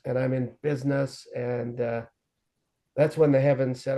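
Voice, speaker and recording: A man's voice: medium pitch, little pitch movement, moderate pace, mellow. A man in his forties telling his recovery story in an earnest, conversational way, acting out quoted dialogue as he goes. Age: 40s.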